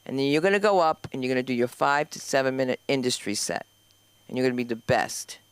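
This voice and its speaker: Female comedy host, New Jersey accent, brash and profane; smooth, dry close-miked sound. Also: extremely low pitch, expressive, quick pace, no room sound. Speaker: comedy school owner and host. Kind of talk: stand-up comedy. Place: comedy club stage.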